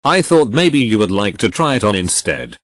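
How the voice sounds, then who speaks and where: A man's voice: on the low side, big pitch swings, moderate pace, dry recording. A man voicing a pushy, shameless mother in a storybook reading.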